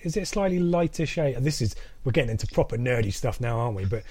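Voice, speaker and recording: A man's voice: medium pitch, expressive, fast talker, warm tone, a little hiss or hum. A man hosting a casual football podcast, chatty with many fillers and restarts. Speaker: podcast host.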